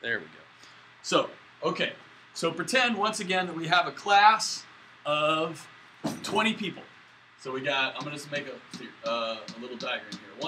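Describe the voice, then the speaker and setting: A man's voice: on the high side, lively intonation, normal speed, noisy background. A man lecturing a statistics class at a whiteboard, in a casual, chatty way with jokey asides. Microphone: camera in the room, moving away to the board.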